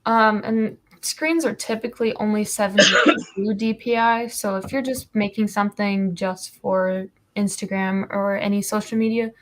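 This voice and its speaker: A woman's voice: mid-range voice, steady tone, moderate pace, few pauses. A woman comic artist talking casually on a livestream, explaining her process with many ums and you-knows.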